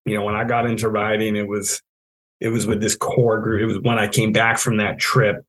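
A man's voice: on the low side, flat delivery, brisk, fairly bright tone, poor audio. A man in his thirties from New England, telling stories as a podcast guest in a laid-back, self-mocking way with frequent laughs. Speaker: guest, trail project manager. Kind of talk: casual storytelling.

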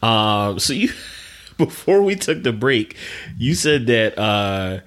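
A man's voice: lowish voice, big pitch swings, slow pace, fairly bright tone. A man hosting a podcast in casual chat, a laid-back, profane storyteller who laughs often. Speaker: podcast host.

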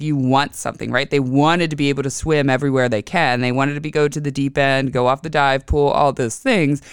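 Chatty woman with a smooth, crisp voice. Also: low voice, no room sound, clean studio sound. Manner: chatty, animated storytelling with lively voiced quotes. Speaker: astrology podcast host. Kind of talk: casual monologue.

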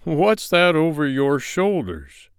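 A man voicing a jolly, brisk old Santa Claus in a storybook reading, talking loudly and heartily. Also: on the high side, very animated, smooth, dry recording, studio quality, voice pushed up, full character voice. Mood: gruff. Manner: loud, hearty proclaiming.

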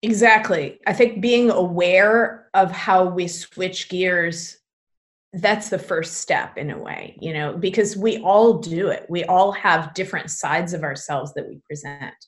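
A woman's voice: lowish voice, a little slow. A woman who teaches belly dance, talking with a podcast host in casual, chatty conversation over a video call, with many fillers and frequent laughs.

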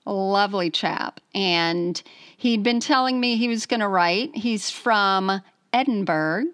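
A woman's voice: mid-range voice, slow, fairly bright tone, smooth, no echo, clean studio sound. A woman co-hosting a podcast in casual, playful chat, often laughing. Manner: chatty, giggly, playful. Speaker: podcast co-host.

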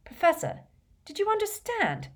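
A woman's voice: on the low side, animated, a little slow, a little mellow. A woman reading as a frustrated teenage schoolboy who speaks stiffly and insistently. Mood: incredulous. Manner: stiff, rising when indignant.

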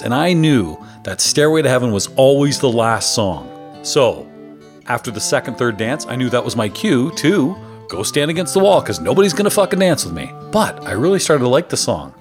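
A man's voice: medium pitch, normal speed, soft background music. A man co-hosting a casual podcast, telling stories with lots of swearing. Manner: animated storyteller, swears freely. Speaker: podcast co-host.

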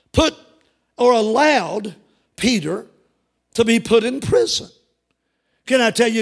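A male pastor preaching an emphatic sermon, calling out to the congregation and rising to shouts. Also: sits high, creaky. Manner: emphatic, call-and-response preaching that rises to shouts.

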